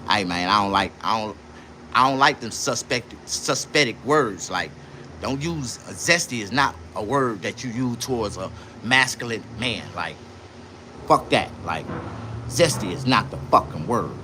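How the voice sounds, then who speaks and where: A man talking on a live stream from inside his own shop in a casual, boastful, profane, rambling way, jumping between loud bursts and low mutters. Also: lively intonation, a little slow, slight background noise. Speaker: livestreamer and shop owner.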